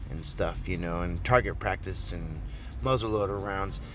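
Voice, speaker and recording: A man from Oregon casually telling a personal story in a rambling, profane, animated way. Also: deep voice, moderate pace, a little hiss or hum.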